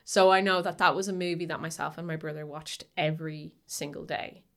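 A woman's voice: sits low, fairly even intonation, brisk, creaky. A young adult woman co-hosting a casual podcast chat, talking in a rambling way with many fillers and restarts. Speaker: podcast co-host. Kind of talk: casual chat about a film.

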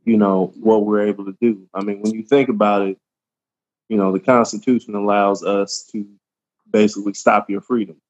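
A man who works as a police officer, talking calmly and at length in a casual podcast conversation. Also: lowish voice, muffled recording. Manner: calm, measured, explains at length.

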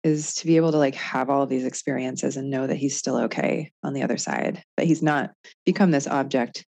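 A woman's voice: very deep voice, fairly even intonation, brisk, darkish tone, dry recording. A woman, likely in her thirties, co-hosting a podcast and talking things through reflectively with many fillers. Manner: reflective, thinks aloud with frequent fillers. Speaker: podcast co-host. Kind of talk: casual conversation.

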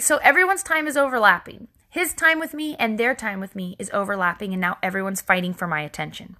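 Podcast host, woman, thirties, bright and chatty, candid, self-mocking storyteller who swears freely. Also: on the high side. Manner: self-deprecating, laughs at herself.

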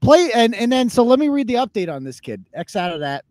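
A man's voice: high voice, big pitch swings, fast, darkish tone, no echo. A man hosting a live podcast, commenting bluntly and mockingly on viral videos with plenty of swearing. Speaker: podcast host.

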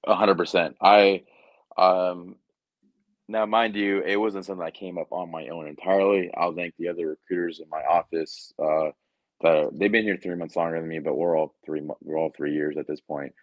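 A man's voice: sits low, steady tone, normal speed, dry recording. A young man speaking as a guest in a casual podcast chat, easygoing and hesitant, on a dull, muffled recording.

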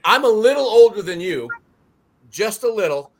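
A man's voice: high-pitched, big pitch swings, moderate pace. A middle-aged man, passionately rallying fans on a sports talk show. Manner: fired-up, preachy, raises voice to rally fans.

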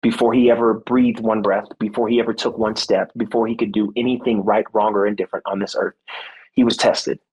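A man in his thirties, a former football player, telling a personal story in a podcast interview, earnest and animated, acting out what people said. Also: on the low side, brisk, husky, low-quality recording. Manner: faith-centered, reflective. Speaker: guest, former football player and motivational speaker.

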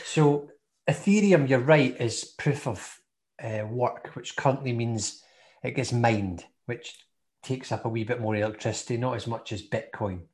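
A Scottish man co-hosting a podcast in casual chat, jokey and quick to laugh. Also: mid-range voice, a little mellow. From Scotland. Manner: jokey, chatty, laughs often. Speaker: podcast co-host.

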